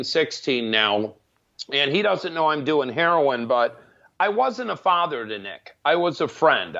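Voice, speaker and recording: A man's voice: medium pitch, creaky, pushed and bright. A middle-aged man, a podcast guest, telling his recovery story in a candid, matter-of-fact way with frequent restarts. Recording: dull lo-fi podcast audio.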